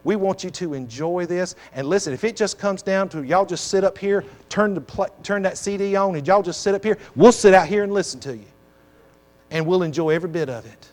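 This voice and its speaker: A man's voice: high voice, brisk, darkish tone. A man preaching as pastor to his congregation, talking in emphatic, repetitive exhortations. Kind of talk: sermon. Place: church sanctuary.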